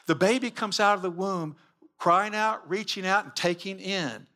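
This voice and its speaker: A man's voice: high voice, moderate pace, bright, forceful tone. A man giving a sermon-style teaching with slides, emphatic and full of repeated rhetorical questions. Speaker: Christian teacher.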